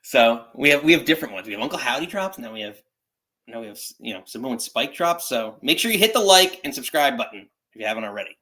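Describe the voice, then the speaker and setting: Man, co-host, bright forceful voice, enthusiastic, rambling casual chat. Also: medium pitch, expressive, fast. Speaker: podcast co-host.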